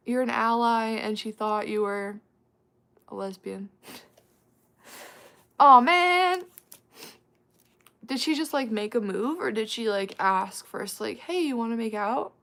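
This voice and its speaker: A woman streamer at a mid pitch in loose, chatty talk with her viewers. She speaks slowly and unhurried, with frequent laughs and quick asides. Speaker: livestream host answering chat. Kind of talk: casual livestream chat.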